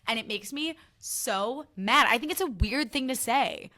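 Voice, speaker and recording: A woman's voice: fairly high pitch, animated, measured pace, sharp tone. A young woman hosting her own podcast, chatting casually and candidly, swearing freely and getting worked up when she rants. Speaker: podcast host. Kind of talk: casual solo podcast chat.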